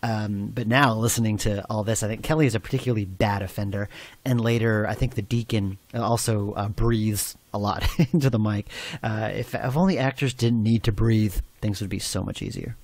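A man giving a commentary track on a game, explaining in a thoughtful, relaxed way with frequent pauses and fillers. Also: lowish voice. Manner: thoughtful, many fillers and restarts.

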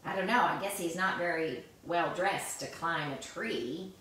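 A woman reading a picture book aloud in an animated, exclamatory way, chatting about the pictures as she goes. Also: fairly low pitch, measured pace. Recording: echoey room, mic at a distance.

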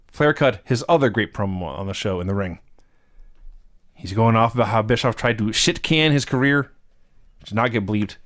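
Man, podcast co-host, wry, joking, mid-range voice. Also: medium pitch. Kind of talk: casual wrestling review chat.

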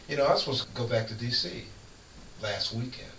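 A man who is a guest on a radio show, preaching in casual chat with fervent, lively storytelling. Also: mid-range voice, brisk. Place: radio studio. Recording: echoey room, far from mic, faint noise.

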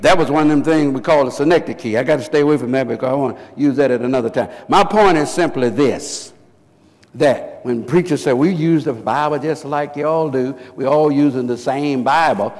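A man preaching a sermon, impassioned, rising into emphatic shouts and asking the congregation questions. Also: mid-range voice, normal speed. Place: church sanctuary. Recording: live church recording with long reverb.

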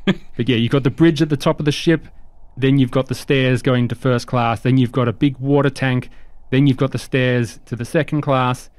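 A man's voice: medium pitch, steady tone, moderate pace, hardly any pauses, a little mellow, no echo. A man narrating a tabletop game as game master, casual and descriptive.

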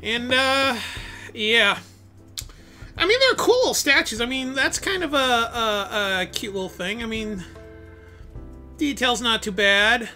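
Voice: medium pitch, expressive, a little slow, pauses often, pushed and bright, soft background music. A vlogger rambling casually while unboxing toys, full of fillers and self-deprecating asides, grumbling at the camera's focus. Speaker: toy unboxing host.

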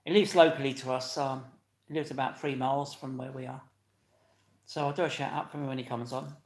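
A man hosting a live stream, chatting and laughing as he reads out viewers' comments and greets them loudly. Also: medium pitch, steady tone, fairly quick. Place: echoey indoor room. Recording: echoey room.

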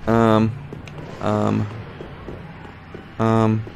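A man's voice: fairly low pitch, monotone, extremely slow, creaky, noisy background. A man giving live gameplay commentary as a streamer, jittery and panicky, talking to himself and to the game. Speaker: let's play livestreamer.

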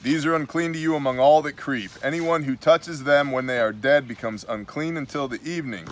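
New guy reading bible verses then riffing on them, blunt and chatty, middle pitch. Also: a little fast. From New York. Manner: conversational, reads scripture aloud then comments with blunt asides. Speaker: host. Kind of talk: casual Bible study talk.

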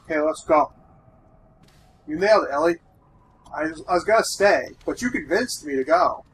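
Jokey gamer guy, voice bouncing all over, kinda high. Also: brisk, slight background noise, poor audio. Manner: lively, joking. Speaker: let's play co-commentator. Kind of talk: casual gaming commentary.

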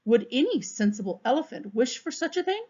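A woman voicing a small, principled male policeman who reasons calmly, in a storybook read-aloud. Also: sits high, a little fast, slightly rough, pitched above the performer's own voice, heavily acted. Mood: earnest. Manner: calm, reasoning. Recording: dull, muffled recording.

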